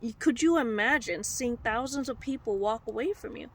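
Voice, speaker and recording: Brief: woman preacher, high voice, animated heartfelt sermon storytelling. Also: normal speed, slightly rough. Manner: animated, heartfelt, direct to listeners.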